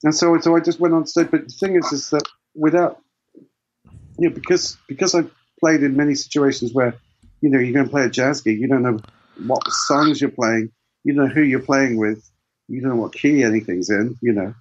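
A man's voice: mid-range voice, steady tone, fairly quick, breathy edge, muffled recording. A man, a guitarist guest in an interview, telling long rambling anecdotes with many restarts. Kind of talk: casual storytelling interview.

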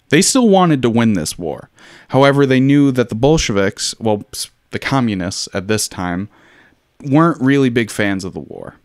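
A man's voice: mid-range voice, no room sound, studio quality. A man hosting a casual history talk, loose and chatty with plenty of ums and wry asides. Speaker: podcast host.

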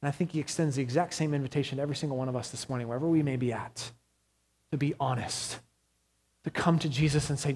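A man preaching a sermon as pastor, earnest, moving between hushed quiet passages and raised urgent ones. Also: medium pitch, fast, breathy edge.

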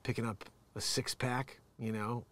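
A man's voice: medium pitch, level tone, measured pace, a bit bright. A man hosting his own show, ranting comically from a home studio, rambling, profane and laughing often. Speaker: show host. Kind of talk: ranting comedic commentary.

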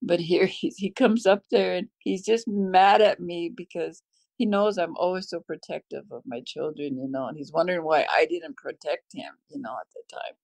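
A woman's voice: on the low side, normal speed, creaky, darkish tone, no echo. A middle-aged American woman telling a heartfelt personal faith story, emotional and tearful at times. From United States. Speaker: guest sharing a faith testimony.

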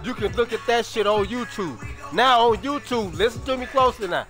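A man's voice: high-pitched, animated, fairly quick, a bit bright, faint music behind. A young man from Chicago with a Chicago accent, chatting casually on his stream in slangy, profane talk full of drawled repeats.

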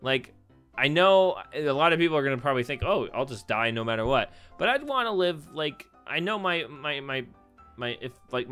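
A man's voice: mid-range voice, bright, forceful tone. A young man commenting casually on a quiz game, rambling, thinking aloud and laughing often. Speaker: gaming YouTuber. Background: faint background music.

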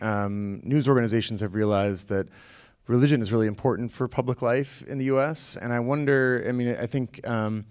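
A man's voice: on the low side, darkish tone. A man moderating a panel discussion, a history professor asking long questions with many restarts as he thinks aloud. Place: church hall.

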